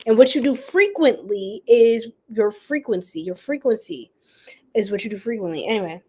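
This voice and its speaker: A woman's voice: fairly high pitch, expressive, normal speed, warm tone, slightly rough. A woman giving a casual live-stream tarot reading, bubbly and slangy, laughing often and chatting with her viewers. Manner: bubbly, giggly, slangy, talks to chat. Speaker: tarot reader.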